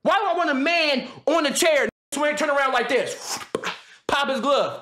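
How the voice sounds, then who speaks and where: High-voiced young man ranting to chat. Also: moderate pace. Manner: animated, slangy and joking, many restarts and impressions. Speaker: streamer. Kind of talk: casual rant to a live stream chat.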